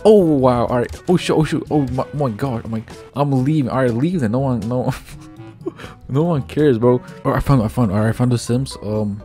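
A young man doing casual gameplay commentary, rambling and full of fillers, excitable and profane as he trash-talks other players. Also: mid-range voice, moderate pace, faint music behind. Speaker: gaming YouTuber.

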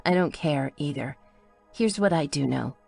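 A woman's voice: deep voice, animated, normal speed, vocal fry, a little mellow, faint music behind, heavily acted. A woman voicing a brash, foul-mouthed young woman from a trailer park, blunt and bossy. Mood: fierce.

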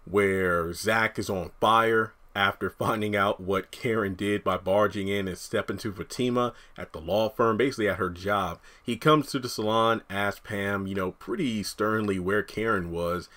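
A man's voice: fairly low pitch, normal speed, hardly any pauses. Chatty male recap host, slightly sore throat. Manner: chatty, animated commentary. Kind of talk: casual commentary.

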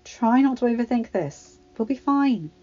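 A woman voicing steady teen boy, firm, reassuring, slightly muffled recording. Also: a little high, normal speed. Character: calm, steady teenage boy wizard. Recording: slightly dull home recording.

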